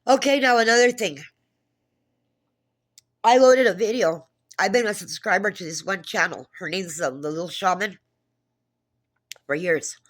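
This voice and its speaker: A woman's voice: medium pitch, normal speed, pauses often. A woman talking to camera in an agitated, profane monologue, retelling a phone call with many restarts. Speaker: vlogger. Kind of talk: casual monologue.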